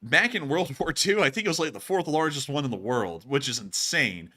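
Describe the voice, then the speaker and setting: A young man hosting a live stream, chatting casually and thanking viewers for donations. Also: brisk. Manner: excitable, laughs and breaks into high yelps. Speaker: host.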